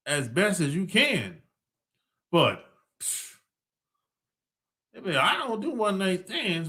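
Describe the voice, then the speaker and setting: High-voiced blunt man chuckling. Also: sharp tone. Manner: blunt, laughs often between lines; slangy and rambling. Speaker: podcast host. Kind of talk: casual monologue.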